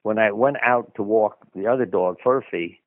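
A man's voice: fairly low pitch, normal speed, no echo. A man being interviewed as a guest author, telling anecdotes in a conversational, rambling way with asides. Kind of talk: anecdotal storytelling in a radio interview. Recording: dry phone-line audio.

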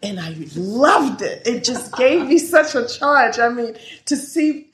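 A woman's voice: fairly high pitch, animated, slow pace, fairly bright tone. A woman guest in a casual interview, telling stories candidly and laughing often, recorded in an echoey room. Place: her studio. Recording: echoey room with faint noise.

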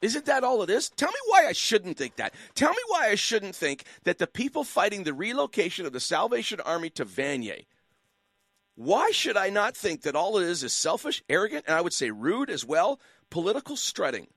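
A man's voice: high-pitched, very animated, moderate pace, fairly bright tone, no echo, clean studio sound. A man hosting a call-in radio show, preaching with fire and hammering his listeners with rhetorical questions. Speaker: radio talk show host. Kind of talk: impassioned call-in radio commentary.

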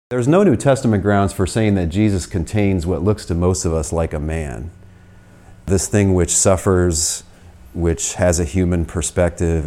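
Deep, dark-toned American man lecturing. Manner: reasoned, conversational, with quick asides. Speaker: lecturer on theology. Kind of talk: spoken lecture.

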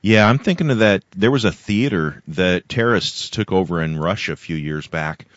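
A man's voice: low-pitched, expressive, moderate pace, a bit bright, no room sound. A man hosting a podcast, talking in a casual, hesitant way full of fillers. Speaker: podcast host. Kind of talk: casual conversation. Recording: dull lo-fi sound, dry.

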